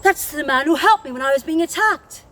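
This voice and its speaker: A young woman disguised as a page protests in puzzled indignation in a storybook tale, voiced by a woman. The voice is high and swings widely in pitch. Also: lively intonation, a little fast, a bit bright. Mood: earnest.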